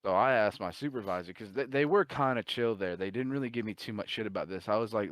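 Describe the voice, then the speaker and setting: A young man co-hosting a podcast, telling stories in an animated, profane, casual way. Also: on the low side, fast, hardly any pauses, no room sound. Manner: animated, profane, swearing often. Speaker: podcast co-host and storyteller. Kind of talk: casual chat, storytelling.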